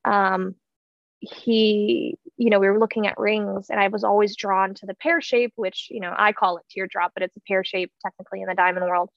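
A woman's voice: medium pitch, fairly even intonation, moderate pace, gravelly, no echo, lo-fi sound. A woman in her thirties telling a heartfelt personal story in an earnest way, with many fillers and restarts. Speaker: guest sharing her story.

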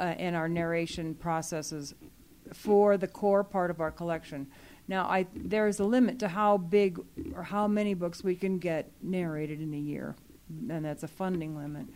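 A woman with a fairly low voice speaks to a group in a meeting. She is earnest and explanatory, and her talk is full of fillers and restarts. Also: a little mellow. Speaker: library program staff speaking to a user group. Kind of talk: meeting discussion.

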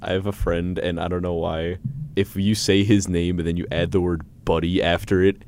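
A man's voice: low-pitched, little pitch movement, moderate pace, a little mellow. A teenage boy co-hosting a casual podcast chat, laid-back, reading out tips and joking with friends. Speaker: podcast co-host.

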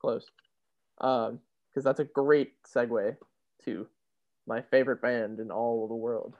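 A man's voice: medium pitch, steady tone, unhurried. A man co-hosting a podcast, joking and teasing his friend in casual banter. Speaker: podcast co-host. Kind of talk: casual chat. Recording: dull lo-fi sound.

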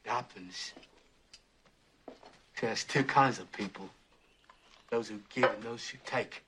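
An actor playing a captive soldier under a hood, talking on in a soft, hushed voice in a film scene. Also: male voice, fairly low pitch, slow pace, slight background noise. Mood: calm, musing. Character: captive hooded soldier, chatty and calm. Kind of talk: film dialogue clip.

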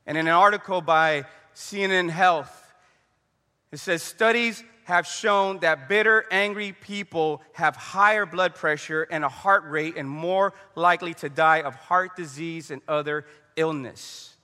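A man's voice: a little high, a little slow, sharp tone, big-room sound. A man preaching a conversational sermon, telling stories and praying aloud. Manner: conversational preaching with storytelling and prayer. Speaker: pastor.

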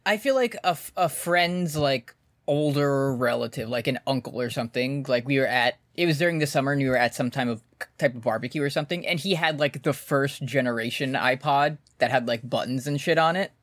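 A man's voice: mid-range voice, dry recording, studio quality. A man co-hosting a podcast, chatting casually with jokey asides. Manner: jokey, animated, quick asides. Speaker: podcast co-host. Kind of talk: casual chat.

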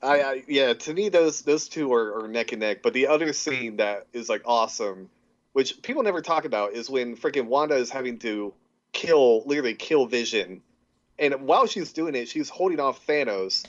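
A man's voice: mid-range voice, animated, moderate pace, highs cut off. A man co-hosting a podcast in casual chat, talking enthusiastically and rambling with many fillers. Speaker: podcast co-host.

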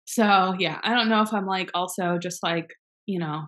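A woman's voice: lowish voice, moderate pace, fairly bright tone. A young woman co-hosting a casual chat, talking frankly and rambling, with plenty of swearing.

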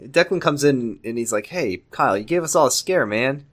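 A man with a mid-pitched, lively voice jokes his way through a TV recap with his co-host. His pitch rises and falls a lot as he chats casually. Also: brisk. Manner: animated, jokey, swings his pitch up and down. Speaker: podcast co-host recapping a TV show. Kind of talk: casual chat.

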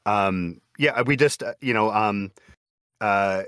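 A man's voice: fairly low pitch, slow pace, a bit bright, clear, resonant tone, no room sound, clean studio sound. A man who narrates audiobooks, chatting casually in an interview over a video call, often stopping himself mid-sentence and acting out little back-and-forth exchanges. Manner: chatty, self-interrupting, acts out quoted exchanges. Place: small home recording booth.

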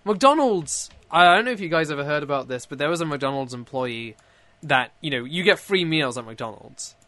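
A young man in a casual online group chat, animated and swearing, laughing often. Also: on the high side, moderate pace, dry recording. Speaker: friend in chat. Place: online voice call.

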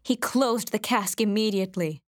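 A woman narrating a storybook in a gentle, measured way. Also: mid-range voice, dry recording, studio quality. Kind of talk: storybook reading.

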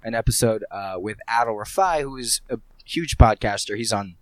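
Comic guest with a Californian accent, lively storyteller, mid-pitched, dry close mic. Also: male voice, moderate pace, dry recording. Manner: animated storyteller, acts out quotes. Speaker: comedian guest. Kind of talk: casual podcast chat.

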